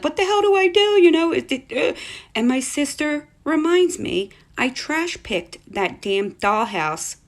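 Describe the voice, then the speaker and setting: Animated woman telling a spooky story. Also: mid-range voice. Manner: animated, swears when excited. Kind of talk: casual storytelling.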